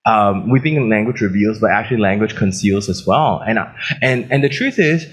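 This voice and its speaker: A young Australian man with a slightly Americanised accent preaching, telling stories in an animated way and laughing at his own jokes. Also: lowish voice, normal speed, husky. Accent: Australian, with some American. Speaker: pastor. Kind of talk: sermon.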